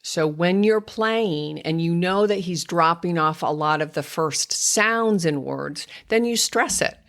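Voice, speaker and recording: An older woman, a speech therapist hosting a podcast, patiently explaining to parents how to help toddlers speak clearly. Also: fairly low pitch, a little slow, fairly bright tone. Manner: patient, explanatory, slips into exaggerated child-directed speech when modeling. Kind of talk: instructive podcast talk to parents.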